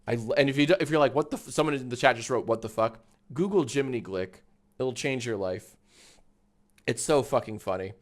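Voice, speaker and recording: A man's voice: medium pitch, brisk. A man chatting casually on a live stream, rambling and swearing as he reads out the chat.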